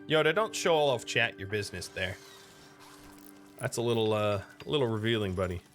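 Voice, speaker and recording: A man with an American accent chats his way through a game stream, reading viewer messages as he goes. His voice is bright and his pitch swings in a lively way. Faint music plays under him. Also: a little fast. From United States. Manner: chatty, talks to chat and to his pet between game moves. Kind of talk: casual gameplay commentary.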